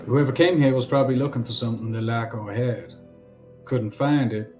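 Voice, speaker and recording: A man's voice: medium pitch, a little fast, a little mellow, reverberant, faint music behind. Dry-spoken man at a game table. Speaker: player.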